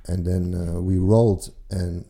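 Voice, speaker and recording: A man's voice: deep voice, steady tone, unhurried, mellow. A man in his forties, a guest telling stories casually and rambling with many fillers and restarts. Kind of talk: casual storytelling.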